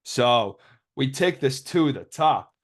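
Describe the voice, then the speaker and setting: A man's voice: mid-range voice, lively intonation, takes it slowly. A young man casually commentating over his card game replays, rambling and joking as he retells a dispute. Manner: rambling, joking, quotes others in put-on voices.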